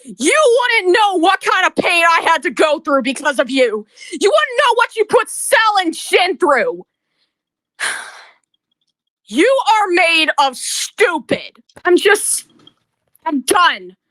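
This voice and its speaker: Very high-voiced stammering woman ranting. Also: big pitch swings, slow, pauses often, fairly bright tone, dry recording. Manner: stammering, repeating words; accusing and bitter. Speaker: video creator. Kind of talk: emotional rant vlog.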